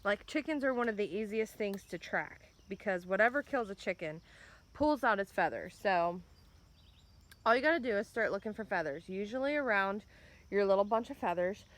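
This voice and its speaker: A woman with a mid-range voice, lively intonation, and normal speed films a handheld vlog outside by her chicken pen near the woods. Casual but furious, this farm vlogger swears now and then and keeps throwing in the word "bam."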